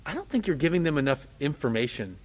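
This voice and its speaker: A middle-aged male clinician with a fairly high, sing-song voice talks fast while conducting rehearsal coaching. He is direct, jokes lightly, and works through examples as he goes.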